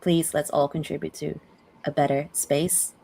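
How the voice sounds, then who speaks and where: A woman's voice: low voice, flat delivery, normal speed, gravelly, warm tone, breathy edge. Upbeat woman hosting a community call. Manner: upbeat, laughs often, fillers. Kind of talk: casual livestream hosting.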